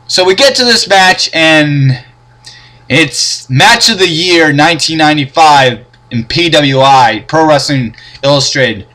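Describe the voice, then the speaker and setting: High, bright-voiced young man ranting. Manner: sarcastic, profane, exasperated. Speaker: wrestling reviewer. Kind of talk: casual ranting review.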